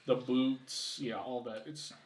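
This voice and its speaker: A man co-hosting a casual unboxing chat, laid-back with quick reactions and jokes. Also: mid-range voice, flat delivery. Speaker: co-host reviewing miniatures. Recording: echoey room with faint noise.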